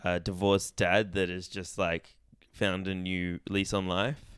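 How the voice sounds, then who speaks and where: Male podcast co-host, low and dry, playful teasing banter, close mic. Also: flat delivery, fairly bright tone, clear, resonant tone, dry recording. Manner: teasing, quick to argue a point. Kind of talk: casual comedic banter.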